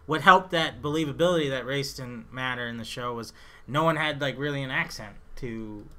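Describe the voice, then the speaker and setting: A man's voice: mid-range voice, fairly quick, a bit bright. A man co-hosting a casual comedy podcast, rambling through his points with plenty of hesitations and fillers. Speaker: podcast co-host.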